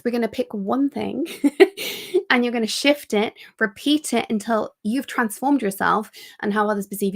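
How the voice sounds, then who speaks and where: A middle-aged woman executive coach giving a live online training in an energetic, coaching way. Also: medium pitch, creaky. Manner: energetic, coaching, acts out example phrasings.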